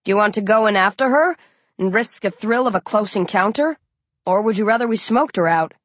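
A woman voicing a cool, commanding male hunter leader with an American accent and a slow drawl. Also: medium pitch, animated, no echo, close to an everyday voice.

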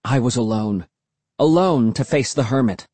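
An audiobook narrator giving a dramatic, expressive first-person reading. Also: medium pitch, moderate pace, breathy edge, no echo.

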